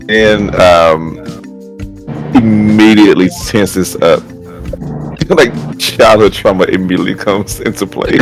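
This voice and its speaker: Male player, low and gravelly, rambling with laughs. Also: steady tone, takes it slowly, music in the background, low-quality recording. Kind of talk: casual game chat.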